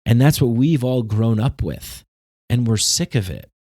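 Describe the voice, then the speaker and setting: A man's voice: medium pitch, expressive, measured pace, warm tone, dry recording, clean studio sound. A man hosting a podcast, talking alone in a long sarcastic, ranting monologue that is full of swearing. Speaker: podcast host. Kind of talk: solo monologue.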